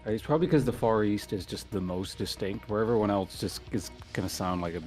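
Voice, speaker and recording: A Canadian man talks in a casual, considered way, with a fairly low voice. He explains things at an easy pace. Faint music runs underneath. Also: fairly quick, darkish tone. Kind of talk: casual conversation.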